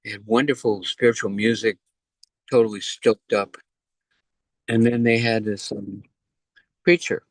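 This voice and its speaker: A man shares a story with a class over his phone, relaxed and chatty. The sound is dry and close, with no room around it. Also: fairly low pitch, unhurried, long pauses, no room sound. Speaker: class participant.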